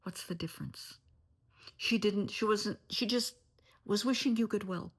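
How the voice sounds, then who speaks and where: An older woman, a therapist, talking in a casual vlog from her lakeside home in a blunt, opinionated way, with a gravelly voice. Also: mid-range voice, measured pace, a bit bright. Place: lakeside home, indoors, early morning.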